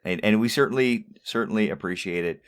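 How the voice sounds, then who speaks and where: A man's voice: on the low side, a little fast, clean tone. A man hosting a casual podcast, easygoing and full of fillers. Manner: easygoing, with many "uh" fillers and chuckles. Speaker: podcast host.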